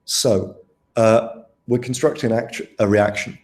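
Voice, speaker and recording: In an echoey room, a young man runs a live online tutoring session, going through an exam paper casually and chattily while quizzing his students. His voice is on the low side, steady, measured, and slightly dark.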